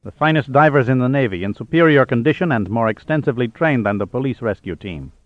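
A man voicing a young navy dive officer, speaking in a solemn, measured way. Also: mid-range voice, animated, dry recording, lo-fi sound, close to an everyday voice.

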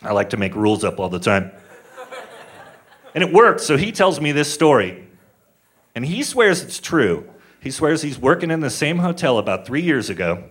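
A man's voice: medium pitch, very animated, normal speed, long pauses, a bit bright, husky. A male stand-up comedian telling a story on stage, conversational and acting out the people he quotes, with audience laughter behind him.

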